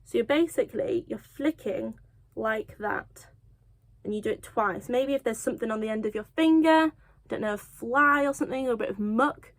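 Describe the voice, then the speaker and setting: A young woman teaching children sign language, counting slowly and encouraging them with light self-deprecating laughs. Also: fairly high pitch, dry recording. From United Kingdom. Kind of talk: children's lesson, slow counting.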